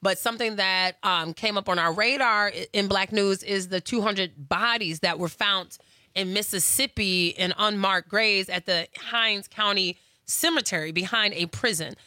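Woman co-host for studio talk radio, lively and chatty, bright tone, dry close sound. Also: mid-range voice, moderate pace, dry recording. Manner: lively, chatty, laughs easily. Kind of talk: casual radio chat.

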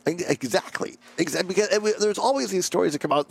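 A man's voice: a little high, expressive, gravelly, husky. A man hosting a radio talk show, chatting casually in a wry, jokey way. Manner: wry, jokey, quick wrap-ups.

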